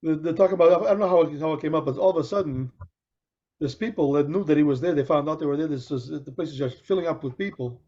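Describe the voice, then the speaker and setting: A middle-aged man with a warm, mellow voice pitched a little high tells a long anecdote in an easygoing podcast chat. He acts out the people in his story as he goes. The recording is dull and lo-fi. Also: fast talker. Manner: animated storyteller acting out quoted voices, with frequent restarts. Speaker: podcast co-host.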